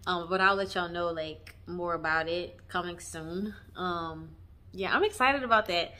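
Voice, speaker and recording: A young woman chatting to her viewers, warm and emotional, often saying y'all. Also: lowish voice, measured pace. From Texas. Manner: emotional, near tears at times. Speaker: vlogger. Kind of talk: casual chat. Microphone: camera mic on tripod.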